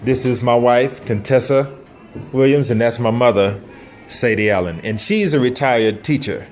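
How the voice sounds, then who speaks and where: A man's voice: medium pitch, normal speed, a little mellow, soft background music. Friendly Texan man introducing his family. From Texas, USA. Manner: friendly, stumbling restarts. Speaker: vlogger, visitor. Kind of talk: casual introductions. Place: school classroom.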